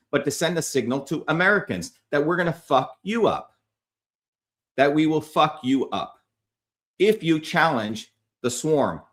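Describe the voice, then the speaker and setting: Furious ranting man, lively pitch. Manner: heated, profane, combative, shouting at viewers. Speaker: livestream host. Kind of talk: angry livestream rant.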